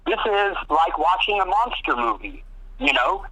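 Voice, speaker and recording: In a casual interview, the guitarist guest recounts studio tales with lots of profanity, imitating others' lines in different voices. His voice is high-pitched and creaky, at a moderate pace, on a low-quality recording.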